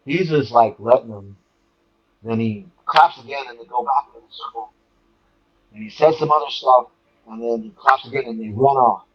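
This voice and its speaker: A man telling a story as a guest in casual chat, animated and halting with many restarts and repeated words. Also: medium pitch, husky, dull audio.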